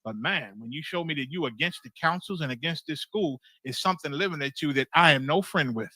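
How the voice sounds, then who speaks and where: A man's voice: a little high, a little fast, sharp tone, no room sound. A man leading a scripture study on a livestream, preaching in a fiery, blunt and profane way with emphatic repetition.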